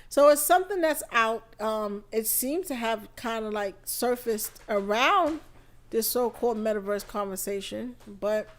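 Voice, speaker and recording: A woman hosting a live podcast stream, feeling under the weather and chatting in an unhurried, rambling way full of fillers. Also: a little high, expressive. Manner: unhurried, chatty, thinking aloud with many fillers. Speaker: podcast host. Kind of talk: casual live-stream talk.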